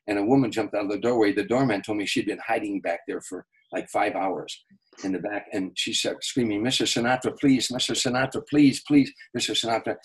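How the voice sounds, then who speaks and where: Husky older man telling anecdotes. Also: fairly low pitch, poor audio. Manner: animated anecdotes with quoted voices. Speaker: guest, entertainer. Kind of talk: storytelling in a podcast interview.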